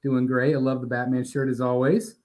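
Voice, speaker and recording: A man's voice: mid-range voice, level tone, fairly quick, darkish tone. A man hosting a live collectors' show, upbeat and welcoming, a little scattered and out of breath. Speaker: host.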